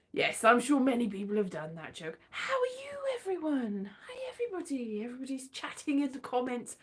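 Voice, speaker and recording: A woman's voice: on the high side, sing-song, moderate pace, few pauses. A woman hosting a casual livestream, chatting in a playful, rambling way with sing-song bursts. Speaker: livestream host.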